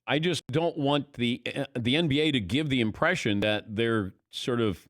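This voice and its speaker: A middle-aged man hosting sports talk radio, telling stories with lively energy and acting out his own past thoughts. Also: mid-range voice, moderate pace, hardly any pauses, no echo, clean studio sound.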